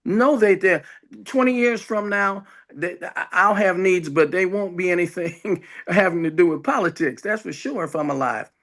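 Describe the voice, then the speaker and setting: An older man, a former councilman, talks on a community panel in a somewhat high voice. He is reflective and slows right down on the words he wants to stress. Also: expressive, a bit bright. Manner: reflective, with slow emphatic stretches. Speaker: former city council member. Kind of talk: panel discussion.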